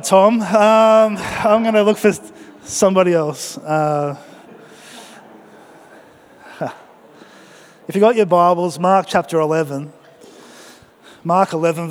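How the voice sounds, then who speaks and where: A man preaching a sermon as pastor, energetic and joking as he exhorts the congregation in church. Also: fairly high pitch, big-room sound, slight background noise.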